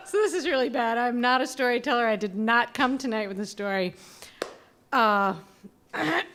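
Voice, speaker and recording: A woman in her forties telling a personal story live on a small theater stage. Her voice is bright and slightly high, and she talks in an animated, self-deprecating way. She acts out the voices of the people she quotes. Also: normal speed, a little hiss or hum.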